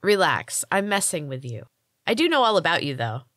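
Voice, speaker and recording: A woman's voice: fairly low pitch, very animated, moderate pace, fairly bright tone, no echo, clean studio sound. A woman voicing a mocking, menacing teen girl. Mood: taunting. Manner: taunting, sly.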